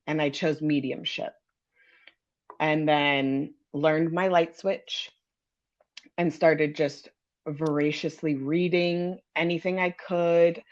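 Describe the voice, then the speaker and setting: A woman's voice: low-pitched, highs cut off. A woman in casual storytelling as a psychic guest, candid, laughing easily and swearing. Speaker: psychic and energy healer guest.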